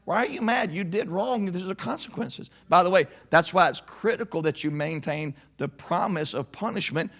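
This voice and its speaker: A male pastor preaching a sermon in an animated way, slowing down to stress his points. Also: high voice.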